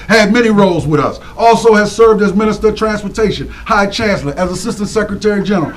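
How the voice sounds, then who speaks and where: High-pitched guy, hyping up women in the crowd, call and response style. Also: rough recording. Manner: preacherly call-and-response, animated, drawn-out names. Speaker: speaker honoring community women. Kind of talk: lively shout-outs to audience.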